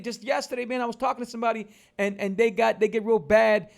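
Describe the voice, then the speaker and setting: Man in his forties, diet vlogger; high gravelly voice, emphatic, repeats every point. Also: fairly even intonation, quick pace, hardly any pauses. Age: 40s. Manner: emphatic, repetitive, preachy. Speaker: keto lifestyle vlogger. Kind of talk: casual motivational vlog talk.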